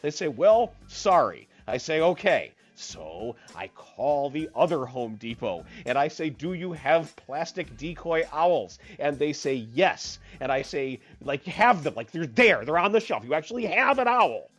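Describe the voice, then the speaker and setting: A husky, slightly breathy storyteller whose pitch swings widely as they rant. They tell the story with comic exasperation and act out every voice in it. Faint music plays behind them. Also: big pitch swings, measured pace, hardly any pauses, fairly bright tone.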